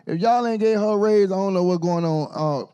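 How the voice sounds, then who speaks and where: A man's voice: sits high, normal speed, warm tone, clear, resonant tone. Teasing emcee man. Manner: joking, teasing, conversational. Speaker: master of ceremonies. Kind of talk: comedic emcee roast.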